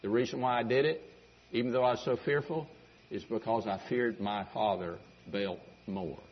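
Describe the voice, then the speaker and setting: A man's voice: medium pitch, normal speed, dull audio, slight background noise. An older man preaching a sermon to a congregation, emphatic and given to repeating key phrases. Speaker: pastor. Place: church congregation room.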